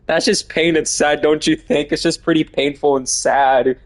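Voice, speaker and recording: Excitable man streaming a game. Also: a little high, moderate pace. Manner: excitable, swears, shouts reactions. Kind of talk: live gaming stream commentary.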